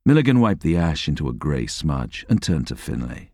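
A man reading a novel aloud as an audiobook narrator, expressive and measured. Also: deep voice, dry recording, clean studio sound. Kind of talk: scripted narration.

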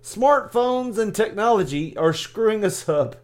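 Dude co-hosting a chatty podcast, kinda high voice, bounces all over, always joking and laughing. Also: male voice, lively intonation, a little slow. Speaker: podcast co-host. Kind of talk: casual chat.

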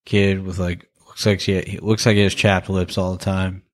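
A man's voice: deep voice, level tone, normal speed. A young man chatting casually about a movie he watched, rambling with lots of fillers, restarts and laughs. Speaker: podcast co-host reviewing a movie. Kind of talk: casual chat.

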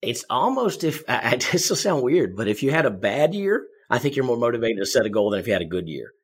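Husky fast-talking man giving sales advice. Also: medium pitch. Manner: energetic, repeats words, speaks in quick bursts. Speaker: sales coach guest. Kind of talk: conversational advice, storytelling.

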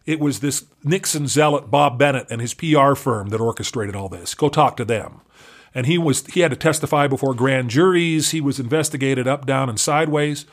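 A man's voice: mid-range voice, fairly quick, hardly any pauses. A middle-aged man talking casually as an interview guest, chatty and self-deprecating, often laughing while telling stories. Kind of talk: casual conversational storytelling.

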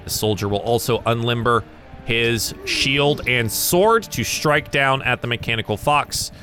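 Southern guy gm'ing a tabletop game, animated, laughs between rolls, slow talker. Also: medium pitch, faint music behind. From American South. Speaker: game master. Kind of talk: narrating a tabletop game online.

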